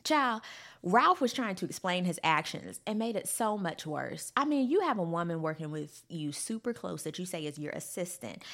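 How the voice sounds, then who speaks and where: A woman's voice: on the high side, a bit bright. A woman recapping a reality show in casual, sassy podcast chatter, calling listeners honey and child.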